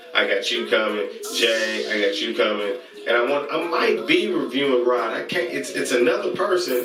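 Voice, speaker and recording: Male vlog host, excitable and chanting, roomy distant mic with music bed. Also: mid-range voice. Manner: excitable, chants call-and-response catchphrases. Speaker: host reviewing online comedy channels. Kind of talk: casual hyped-up vlog shout-outs.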